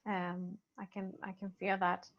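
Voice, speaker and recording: Gentle soft-spoken woman, lo-fi sound. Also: medium pitch, level tone. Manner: soft-spoken, gentle, hesitant with many pauses and fillers. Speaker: spiritual healer leading a program. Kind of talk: casual talk reading and answering participant feedback. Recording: dull lo-fi recording.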